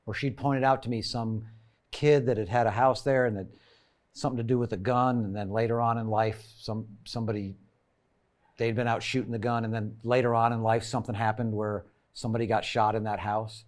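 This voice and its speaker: A man's voice: mid-range voice, fairly even intonation, fairly quick. Teasing male podcast host. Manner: teasing, prodding questions, laughs along. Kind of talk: casual podcast chat.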